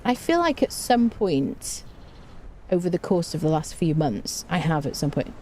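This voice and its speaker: A woman's voice: low-pitched, very animated, moderate pace, darkish tone, a little hiss or hum. A woman streaming a game, giving chatty live commentary, talking to her chat and humming to herself as she plays.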